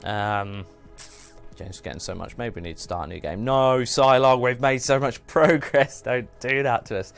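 A man's voice: mid-range voice, moderate pace, vocal fry, clean tone, soft background music. A man hosting a casual game livestream, chatting in a rambling way and often trailing off and restarting. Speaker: livestream host. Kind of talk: casual gameplay chat.

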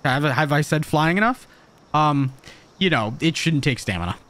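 A man streaming a game, reacting with excited, jokey commentary and frequent laughs. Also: a little high, moderate pace. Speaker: gaming streamer.

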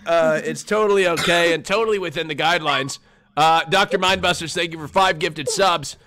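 A man's voice: a little high, a little fast, noisy background. A man hosting a dating game show stream, announcing who is safe and who goes to the bottom three, joking and laughing as he goes. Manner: jokey and teasing, laughing between lines. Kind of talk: announcing eliminations in a playful game-show manner.

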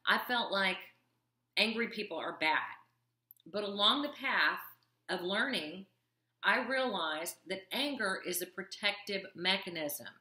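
Woman self-help coach, confiding talk to camera, bright voice, roomy echo. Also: mid-range voice, expressive, a little slow. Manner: earnest, confiding, wry asides.

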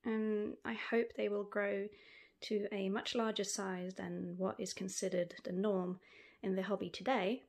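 A young woman vlogging as she unboxes pet snails, soft-spoken with frequent ums. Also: medium pitch, flat delivery, a little slow, vocal fry. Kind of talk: casual unboxing vlog.

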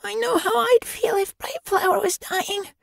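A man's voice: very high voice, fairly even intonation, a little slow, creaky, a bit bright, no echo, clean studio sound, pitched above the performer's own voice, full character voice. A man voicing a young female cat apprentice in an audiobook, pleading and emotional. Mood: distraught. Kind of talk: audiobook character voice.

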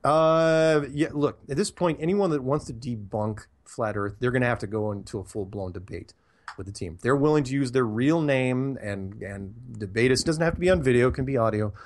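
A man's voice: medium pitch, moderate pace. A man hosting a show, reading listener emails and answering with rambling, chatty asides. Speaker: podcast host.

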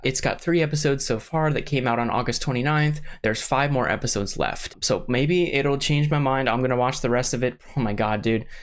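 A man's voice: mid-range voice, fairly quick, hardly any pauses. Rambling young man ranting to camera. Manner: rambling with many fillers and restarts, gets worked up. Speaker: vlogger, show reviewer. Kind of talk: casual rant to camera.

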